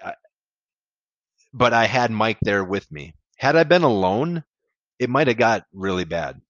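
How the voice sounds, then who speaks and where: A man with a low voice tells his story in a loose, candid way. He rambles a little and swears casually. The sound is dry and close. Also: sing-song, measured pace, fairly bright tone, no echo, dull audio. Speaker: podcast guest, amateur ultrarunner.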